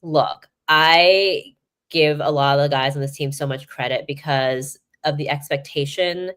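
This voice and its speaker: A woman sports reporter chatting as a guest on an interview show, telling stories in an animated way, full of "like" and "you know". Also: low-pitched, measured pace, clean tone. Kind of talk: casual interview chat. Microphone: remote live-stream mic.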